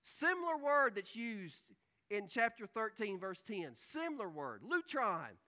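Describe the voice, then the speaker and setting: Animated high-voiced male preacher. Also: a little slow. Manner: dynamic preaching, drops to hushed tones and rises to emphatic outbursts. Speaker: pastor. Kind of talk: sermon.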